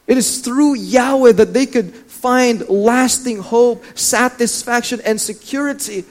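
High-voiced male preacher, dramatic delivery. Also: unhurried. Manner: rises and drops in volume for emphasis, asks the listeners questions; acts out the voices of biblical figures. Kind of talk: sermon.

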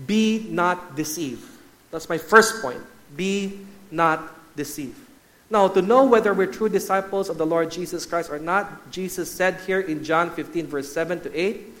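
A man preaching a sermon, emphatic and repetitive, calling out to his listeners as church and guys. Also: high-pitched. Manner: emphatic, repeats key phrases, addresses listeners as guys and church.

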